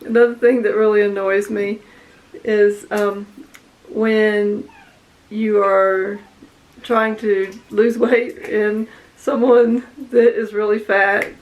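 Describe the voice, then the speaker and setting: A woman's voice: mid-range voice, level tone, takes it slowly, poor audio. A middle-aged woman, the vlogger's mother, chatting casually and mocking other people in quotes. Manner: laid-back, mocking quotes. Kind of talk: casual chat.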